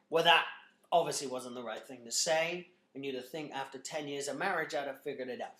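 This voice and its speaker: A man in his thirties, a gym owner and trainer, giving a blunt, energetic motivational talk to a group full of "you know" fillers. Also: mid-range voice, a little fast. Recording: echoey room.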